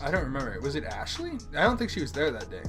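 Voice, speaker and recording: A young man hosting a podcast, telling a story in a loud, animated, profane way and acting out the people in it. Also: medium pitch, fast, music in the background. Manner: animated, profane, acts out quotes. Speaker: podcast host. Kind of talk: casual storytelling chat.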